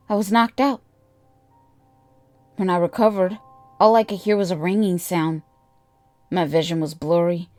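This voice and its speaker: Slow, measured female horror narrator. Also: fairly low pitch, darkish tone. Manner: measured, deliberate storytelling. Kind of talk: scripted first-person horror narration.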